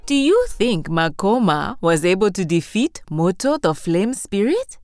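A woman narrating a children's story as host, with expressive, animated delivery. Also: mid-range voice, measured pace, faint music behind.

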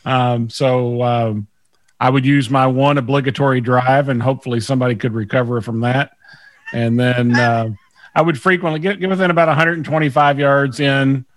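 A man's voice: medium pitch, steady tone, no echo. Hesitant man in podcast chat. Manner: measured, hesitant with ums. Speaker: podcast panelist.

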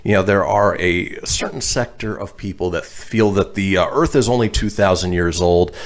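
A man's voice: deep voice, normal speed. A man hosting a radio show, reading posts aloud and laughing often in casual banter.

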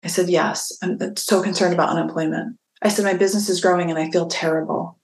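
A woman business owner telling stories in a casual interview, lively and acting out quoted dialogue. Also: fairly low pitch, quick pace, reverberant. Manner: animated, acts out quoted dialogue.

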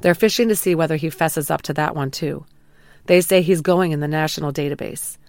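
A woman hosting a true crime podcast, calmly reading a scripted retelling of a police interrogation. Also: sits low, dry recording, clean studio sound. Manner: calm, measured retelling of an interrogation, quoting lines plainly. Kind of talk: scripted narration.

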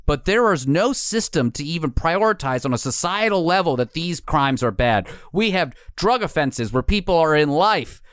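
A male podcast host talking casually, earnest and chatty, with a fairly high, smooth, clear voice. The sound is dry and close, with no room around it. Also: animated, moderate pace, few pauses, a bit bright, dry recording. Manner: earnest, chatty, laughs often.

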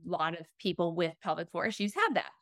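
A middle-aged woman, a fitness trainer guest on a podcast, explaining in an animated way full of "like" and "right?". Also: lowish voice, brisk, dry recording, clean studio sound.

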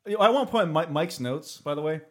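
A man's voice: on the high side, expressive, quick pace. A man co-hosting a casual book podcast, playful and joking. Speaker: podcast co-host. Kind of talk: casual chat.

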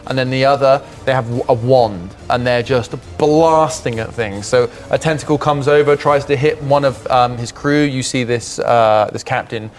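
A man narrating a tabletop game as game master, describing scenes with frequent pauses and ums. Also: medium pitch, fairly even intonation, soft background music. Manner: descriptive, hesitant with many ums.

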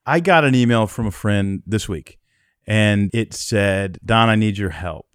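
Podcast host guy, lower voice, engaged, asks thoughtful questions, dry mic. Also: unhurried, clean tone, no echo. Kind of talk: conversational interview.

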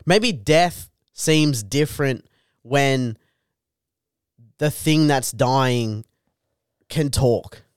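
A man's voice: mid-range voice, drawn-out words, pauses often, clean tone, no room sound, studio quality. A young man co-hosting a podcast, talking bluntly and with constant swearing in casual banter. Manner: profane, blunt, reflective. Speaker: podcast co-host.

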